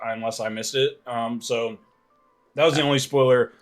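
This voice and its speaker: A man's voice: mid-range voice, fairly even intonation, moderate pace, faint music behind. Male podcast host, enthusiastic, mid-range voice. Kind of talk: casual chat.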